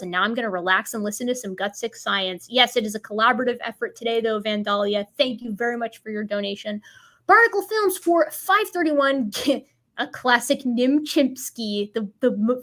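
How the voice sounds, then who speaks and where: A woman's voice: on the high side, fairly bright tone. Playful woman host reading donations. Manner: playful, quick, chuckling asides. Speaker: livestream host. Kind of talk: casual livestream chat reading donations.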